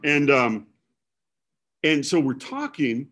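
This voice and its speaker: A man's voice: mid-range voice, expressive, moderate pace. A man from Milwaukee, preaching in a casual, rambling storytelling way with self-deprecating humor.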